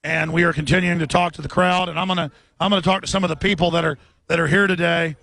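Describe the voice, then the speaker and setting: A man hosting a radio show live from an outdoor event, ranting fast and chanting slogans through a bullhorn. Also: fairly high pitch, fairly even intonation, gravelly, dry recording. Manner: shouts protest chants slowly and repeatedly.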